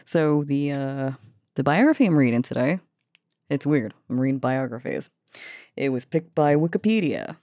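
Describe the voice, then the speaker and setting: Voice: medium pitch, animated, moderate pace, a little mellow, dry recording, clean studio sound. Rambling, self-mocking voice-training vlogger. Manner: rambling, profane, self-mocking, laughs a lot. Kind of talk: casual voice-training vlog.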